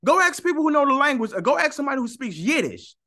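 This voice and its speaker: Animated, argumentative man with a bright voice. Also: extremely high pitch, rapid-fire. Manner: emphatic, argumentative, repeats for stress. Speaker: YouTube teacher. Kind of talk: animated teaching monologue.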